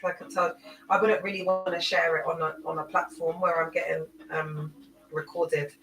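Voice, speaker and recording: A woman's voice: deep voice, level tone, moderate pace, far from the mic. A woman, chatting loosely on a live stream into a laptop mic and answering viewers by name. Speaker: livestreamer. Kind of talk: casual live-stream chat. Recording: echoey room, voice away from the mic.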